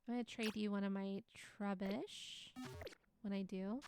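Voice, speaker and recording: A woman's voice: medium pitch, steady tone, a little slow, over music. A young woman streaming a game live, chatting casually, reading chat aloud and laughing often.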